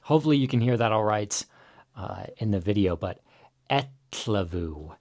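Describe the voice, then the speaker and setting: A man teaching pronunciation in a relaxed way, drawing words out slowly to demonstrate them. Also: fairly low pitch. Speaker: language teacher. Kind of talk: pronunciation lesson.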